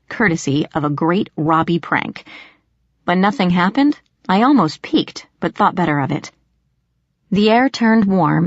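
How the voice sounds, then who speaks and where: Lower-pitched woman narrating an audiobook. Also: no echo. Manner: steady, measured storytelling. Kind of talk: first-person audiobook narration. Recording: slightly muffled dry recording.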